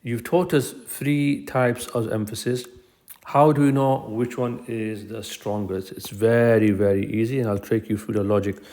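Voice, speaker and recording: A man's voice: on the low side, steady tone, moderate pace, mellow. A man teaching a recorded grammar lesson, explaining patiently and repeating key phrases for emphasis.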